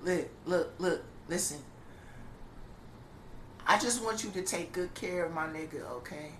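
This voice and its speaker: A man quoting a soft-spoken pleading young buddy. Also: sits high, a little slow, slight background noise. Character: earnest sentimental young man friend pleading softly. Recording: echoey room, distant mic.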